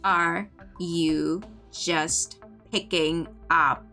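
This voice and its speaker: A woman's voice: on the low side, steady tone, very slow, bright, forceful tone, soft background music, heavily acted. Exasperated male coordinator, done with it all, put on by a woman; dry and sarcastic. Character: frazzled male guest coordinator quitting by phone. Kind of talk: reading game dialogue aloud.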